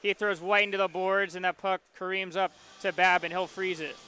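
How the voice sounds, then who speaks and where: Play-by-play man, high bright voice, flat delivery, hockey call. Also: clear, resonant tone, faint music behind. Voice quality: quick, rhythmic calling of the action. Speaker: play-by-play announcer. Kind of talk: live hockey play-by-play commentary.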